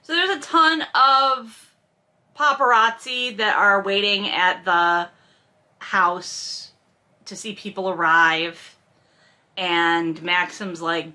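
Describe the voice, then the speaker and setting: A woman with a bright, clear voice reads passages from a novel and then stops to pick them apart. Her asides are dry and sarcastic, delivered in an unhurried, conversational way. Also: medium pitch. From from a Russian family. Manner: sarcastic, wry asides between read passages. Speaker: podcast host reading and critiquing a novel. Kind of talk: casual reading with commentary.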